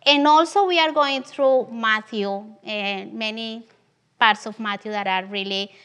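A woman with a Spanish accent, Spanish being her first language, preaching to a small church with a warm, self-deprecating manner. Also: fairly high pitch, measured pace, clean tone. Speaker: guest preacher. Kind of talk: sermon.

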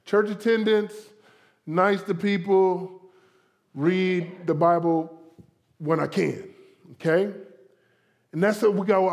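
A man from Florida preaching a sermon to a congregation, conversational and animated, acting out inner voices and playful asides. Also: sits high, slow, long pauses. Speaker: pastor.

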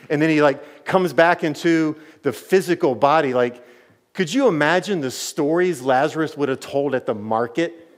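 A man's voice: fairly high pitch, moderate pace. A man preaching a sermon to his church as pastor, telling the story animatedly with many casual "like"s.

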